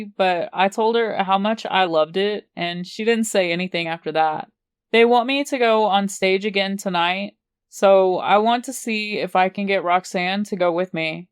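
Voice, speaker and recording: A woman narrating a teen romance story in the first person with a calm, measured reading. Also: mid-range voice, clean tone, no room sound, clean studio sound. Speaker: audiobook reader.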